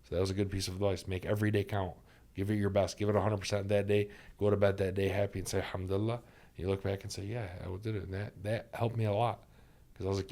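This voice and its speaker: A man's voice: deep voice, flat delivery, fast talker, warm tone. A man, a doctor and podcast guest, earnestly sharing stories and life advice, repeating key phrases for emphasis. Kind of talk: reflective conversational storytelling.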